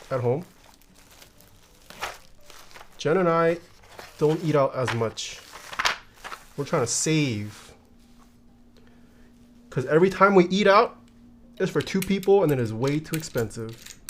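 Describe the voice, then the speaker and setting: A man's voice: on the high side, expressive, moderate pace, long pauses, a little hiss or hum. A man chatting casually on a live stream, thinking aloud while he builds and reading viewer questions back before he answers them.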